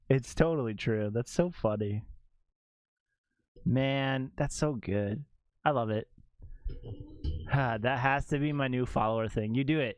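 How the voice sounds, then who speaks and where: A man's voice: mid-range voice, clear, resonant tone, no room sound. A man chatting casually as a streamer, giggling often and swearing freely. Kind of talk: casual chat.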